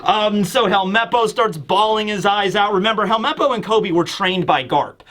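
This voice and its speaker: A high, bright man's voice with a sharp edge runs through this casual manga review. He is from the United States and talks in a lively, rambling way, full of "like" and quick laughs. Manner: animated, laughs often, lots of filler words. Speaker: host.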